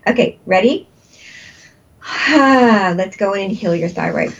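A woman's voice: medium pitch, lively intonation, slow pace, dull audio. A woman leading a guided energy healing session, soothing and repeating breathing cues, laughing often. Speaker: energy healer.

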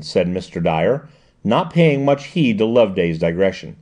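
A man narrating an audiobook in an expressive storytelling way. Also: sits low, normal speed. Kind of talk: scripted narration.

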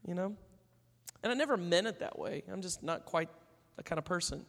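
A man's voice: high-pitched, animated, a little fast, gravelly, a bit bright, big-room sound. A man preaching a sermon in a conversational way, telling stories and acting out the people in them. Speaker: pastor.

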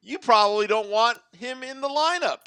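A man co-hosting a casual sports podcast, wry and measured. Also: very high-pitched, bright, forceful tone, clear, resonant tone, dry recording. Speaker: podcast co-host.

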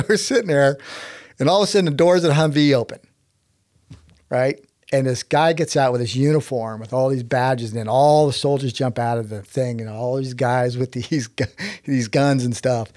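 A middle-aged man from Texas telling a story in a casual chat, animated and jumping up in pitch whenever he quotes others. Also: dry recording, clean studio sound. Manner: animated, jumps up in pitch when quoting others.

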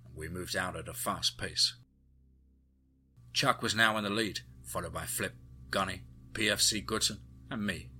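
A male storyteller narrating a first-person adventure in a steady voice. His voice sits fairly low, with a husky texture and a strikingly bright edge. Faint music plays underneath. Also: normal speed.

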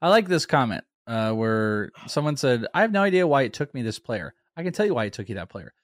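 A man's voice: mid-range voice, big pitch swings, brisk, no room sound. A man co-hosting a fantasy baseball podcast, chatting casually and joking while he calls out draft picks. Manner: jokey, laughs often, calls out picks. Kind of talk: casual chat during a live draft.

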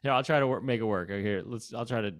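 A man's voice: mid-range voice, rapid-fire, no echo. A man co-hosting a comedy podcast, rambling through casual chat and breaking into silly sneeze bits. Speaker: podcast co-host.

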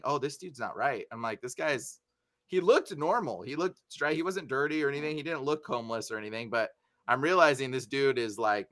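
A man telling a story in casual talk, animated and acting out the other voices in it. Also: mid-range voice, dry recording. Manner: animated, acts out voices in his stories.

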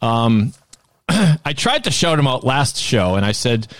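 Fifties guy podcast cohost, laughs a lot, lively voice, dry close sound. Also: mid-range voice, slow pace, dry recording. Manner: laughs often, chatty and rambling. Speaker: podcast co-host. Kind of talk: casual chat.

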